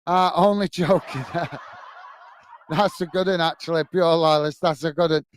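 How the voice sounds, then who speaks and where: A man's voice: a little high, steady tone, slight background noise. A man hosting a live football watch-along, reading out viewer comments and thanking them in a cheerful casual chat. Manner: upbeat, thanks viewers warmly, reads comments aloud slowly. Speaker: host.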